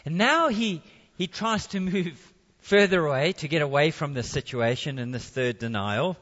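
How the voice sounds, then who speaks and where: High, bright preacher in a hall. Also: male voice, expressive, moderate pace, muffled recording. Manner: conversational with jokey asides. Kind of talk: sermon.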